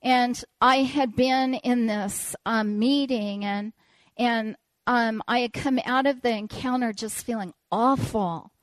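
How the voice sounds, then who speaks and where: Slow, storytelling woman preacher. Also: on the high side, no echo. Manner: storytelling, animated and self-deprecating. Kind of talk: sermon with personal story.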